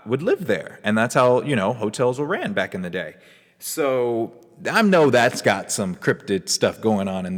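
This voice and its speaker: A man's voice: fairly low pitch, big-room sound. A man hosting a podcast, telling a personal ghost story in a rambling, laid-back way with lots of fillers. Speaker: podcast host. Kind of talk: casual storytelling.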